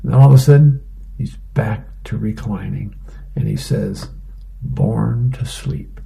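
A man reading the newspaper aloud in a plain, unhurried way for a reading program. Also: lowish voice, vocal fry, dark tone, a little hiss or hum.

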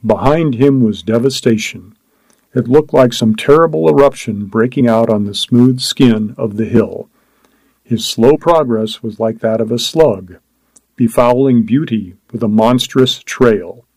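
A man narrating a story aloud in a measured, descriptive reading. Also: medium pitch, a little mellow, no room sound, low-quality recording. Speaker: audiobook narrator. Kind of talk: scripted narration.

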